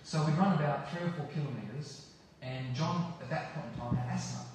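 An Australian man telling a personal story in a filmed interview, earnest and halting with restarts. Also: on the high side, noisy background. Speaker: interview guest. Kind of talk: testimony interview. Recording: video played back in a hall, far off and echoey.

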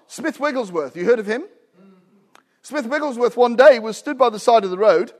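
A British man preaching in a noticeably high voice, lively and animated. He calls out to the congregation for responses and slips in humorous asides. He is a middle-aged visiting preacher. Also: normal speed. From United Kingdom. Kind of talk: sermon.

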